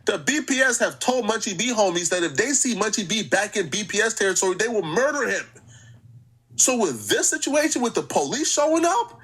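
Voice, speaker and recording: A young male host talks through clips in a mocking, storytelling way. His voice sits high and jumps up and down a lot. He is plainly enjoying poking fun. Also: expressive, fairly quick, a bit bright, husky. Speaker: reaction channel host. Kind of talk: commentary on clips.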